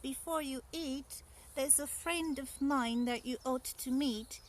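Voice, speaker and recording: A woman's voice: high voice, takes it slowly, a little hiss or hum, pitched above the performer's own voice. A woman voicing a small, clever male mouse from a storybook, speaking lightly and slyly. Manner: light, sly, coaxing.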